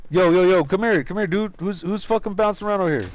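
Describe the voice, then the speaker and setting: A man giving live commentary over his own gameplay, excitable and full of profane trash talk, yelping and laughing at his plays. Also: high voice, fast, noisy background. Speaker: streamer.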